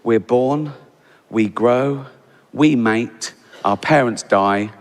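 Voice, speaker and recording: On a large theatre stage before a live audience, an older Englishman performs stand-up, sardonic and chatty, capping his lines with "right?". His mid-range voice goes extremely slowly, and the hall's reverb and audience noise fill the recording.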